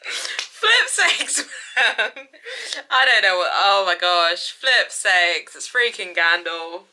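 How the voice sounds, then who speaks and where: A woman vlogger reacting excitedly to a story and exclaiming often. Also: mid-range voice, slow. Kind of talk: reaction vlog.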